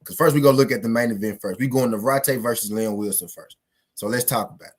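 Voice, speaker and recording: Brief: man hosting a live boxing talk stream; husky, middle-pitched, loud hype and profane slang. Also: fast talker. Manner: loud hype, chanting and laughing with chat. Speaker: host.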